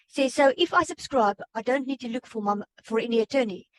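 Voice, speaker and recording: A woman's voice: on the high side, fairly quick, a little hiss or hum, rough recording. Woman reading out webinar questions. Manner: plain, reads questions aloud with small stumbles. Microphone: video call.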